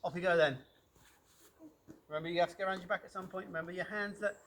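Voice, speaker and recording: A man coaching children through a ball drill on an outdoor pitch, encouraging and playful. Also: fairly even intonation, fast talker, fairly bright tone.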